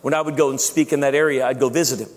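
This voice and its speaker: A man's voice: medium pitch, steady tone, very fast. A man preaching a sermon as pastor, chatty and self-deprecating, often restarting his sentences. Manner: conversational, self-deprecating humor, frequent restarts. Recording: long echo of a large hall.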